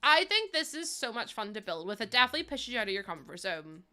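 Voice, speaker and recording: A young woman chats her way through a live game stream, teasing her viewers and laughing a lot as she reads their comments. Her voice sits a little high and rings bright and sharp. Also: big pitch swings, quick pace, faint music behind. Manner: chatty and teasing, laughs often, reads out chat. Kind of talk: casual live-stream chat.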